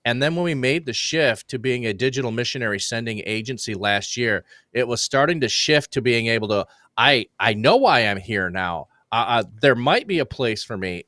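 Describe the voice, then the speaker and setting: A man's voice: medium pitch, bright, forceful tone, dry recording, clean studio sound. A man co-hosting a church livestream, talking enthusiastically in casual chat, rambling and full of "like". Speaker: livestream co-host. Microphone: livestream setup.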